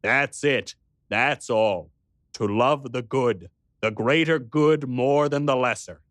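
A man voicing a kind, wise and jolly bearded old king in an audiobook, speaking slowly and gravely. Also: mid-range voice, fairly bright tone, dry recording. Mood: serene. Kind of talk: audiobook character voice.

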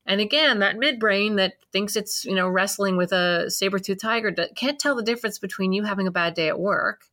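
A woman's voice: medium pitch, fairly quick, sharp tone. A woman hosting an interview podcast in casual chat, enthusiastic and encouraging. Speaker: podcast host. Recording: hollow, barrel-like sound.

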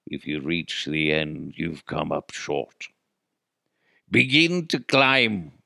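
A man voicing a gruff male pirate who reads a rhyme in a slow, drawn-out way, growling "arr" and "yar". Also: extremely low pitch, very animated, bright, forceful tone, no room sound, clean studio sound, heavily acted. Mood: hammy.

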